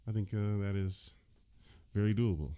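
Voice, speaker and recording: A man's voice: on the low side, moderate pace, mellow, clear, resonant tone. A man hosting a casual let's-play, easygoing and laughing often. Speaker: host.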